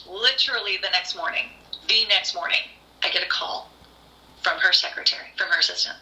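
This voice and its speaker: On a poor-quality, reverberant recording, a podcast host and screenwriter talks briskly in a mid-range voice. She's an animated, gushing storyteller, chatting casually and sprinkling in plenty of fillers.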